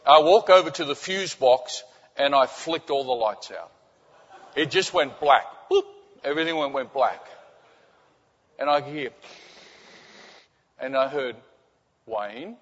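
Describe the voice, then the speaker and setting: Animated preacher man in a reverberant hall. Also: mid-range voice, a little slow, long pauses, highs cut off. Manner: animated storytelling, many restarts, drops to soft intimate tones. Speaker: pastor. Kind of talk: sermon with personal story.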